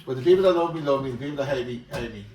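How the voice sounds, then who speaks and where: A man's voice: mid-range voice, rapid-fire, crowd noise. A man in his forties rambles through a casual podcast chat, circling back and repeating himself. He sits a little away from the mic in a roomy, echoing space, with people chattering in the background. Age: 40s. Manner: rambling, repeats words, animated storytelling. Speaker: podcast co-host. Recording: echoey room, mic at a distance.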